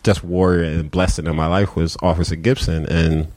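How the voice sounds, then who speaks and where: A man's voice: low voice, normal speed. A man with a Philadelphia accent, founder of a community organization, telling stories in a casual interview and acting out the voices of people he quotes. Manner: animated storyteller, acts out quoted dialogue. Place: outdoors on a city street.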